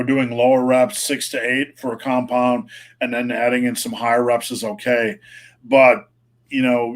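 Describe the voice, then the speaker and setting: A middle-aged man, a fitness coach, answering viewer questions on a live stream in a blunt, plain-spoken way. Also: mid-range voice.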